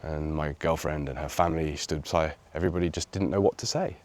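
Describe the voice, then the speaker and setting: An English man in his thirties telling a personal story on his video channel, reflective and lively when he acts out what others said. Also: extremely low pitch, quick pace. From England. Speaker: vlogger.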